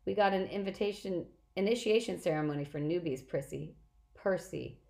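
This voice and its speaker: Woman putting on Clarisse, a husky sneering bully girl. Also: lowish voice, moderate pace, dark tone. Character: bossy tough teen girl bully, sneering.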